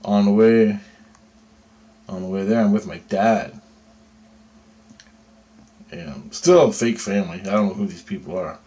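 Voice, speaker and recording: Recounting his dream, this man speaks on the low side and a little slowly, pausing often in a mellow tone. He's still agitated and rambling, swearing a lot and tossing in "right?" to keep it conversational.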